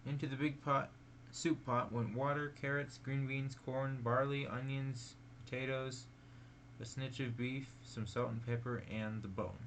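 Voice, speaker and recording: Guy reading scary stories out loud, bright voice, trips over words, bit of hiss behind. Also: medium pitch, fairly even intonation, measured pace, low-quality recording. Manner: casual, stumbles and corrects himself. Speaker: reader. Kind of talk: reading spooky stories aloud.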